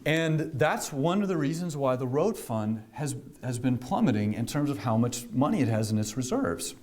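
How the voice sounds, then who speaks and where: A government official speaking to a business audience, telling a story in a conversational way, with many fillers and restarts. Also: male voice, medium pitch, sing-song, moderate pace, darkish tone. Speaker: government official giving a speech.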